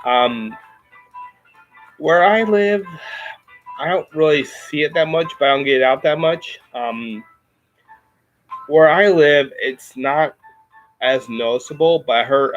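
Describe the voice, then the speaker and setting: A man with a Midwestern American accent, explaining things in a casual chat, halting with many ums and restarts. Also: medium pitch, highs cut off, faint music behind. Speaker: podcast host.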